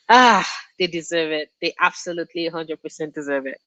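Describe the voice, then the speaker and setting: A young woman whose first language is Yoruba, hosting a casual live stream and reacting to chat with quick laughs. Her voice is dry and close on the mic, with no room sound. She talks in loose, chatty bursts. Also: low voice, a bit bright, dry recording. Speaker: book streamer hosting a reading check-in.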